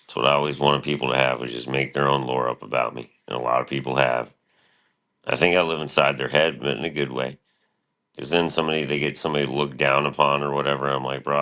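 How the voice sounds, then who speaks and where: Very deep-voiced rambling male streamer. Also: vocal fry, bright, forceful tone. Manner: profane, meandering, laid-back. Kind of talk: casual rambling monologue.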